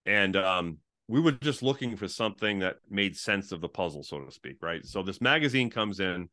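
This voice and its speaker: A man's voice: sits low, animated, normal speed, sharp tone. A middle-aged man talking as an interview guest, a former pastor, in casual storytelling, saying "like" often and acting out the people he quotes. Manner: chatty, peppered with "like", acts out quoted dialogue.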